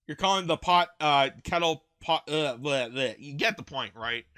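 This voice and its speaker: Angry young man ranting, bright and high. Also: animated, normal speed. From Canada. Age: 20s. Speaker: host. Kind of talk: political commentary rant. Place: home basement.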